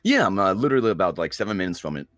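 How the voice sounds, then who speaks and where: A man's voice: deep voice, very animated, very fast, fairly bright tone, dry recording, faint music behind. A man co-hosting a casual livestream, dropping dry teasing remarks. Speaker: co-host.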